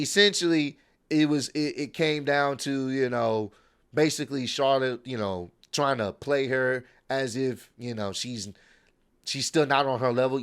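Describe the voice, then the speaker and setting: A man's voice: medium pitch, fairly bright tone, smooth. A man giving a casual, opinionated spoken recap of a show, rambling with frequent fillers. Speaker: wrestling recap vlogger.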